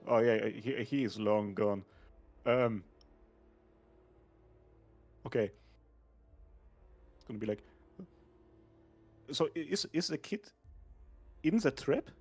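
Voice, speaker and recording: A man's voice: medium pitch, takes it slowly, pauses often, a little mellow, breathy edge, faint music behind. A man taking part as a player in a tabletop game, thinking aloud and hesitating as he decides what his character does.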